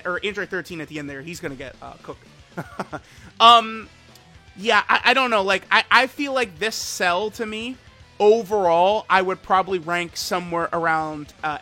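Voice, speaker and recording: A man with a high, bright voice talks through his mobile game session for his channel. He rambles casually, stumbling over restarts and fillers while thinking aloud at a desk mic. Light music plays underneath. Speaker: gaming channel host. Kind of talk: casual gameplay commentary.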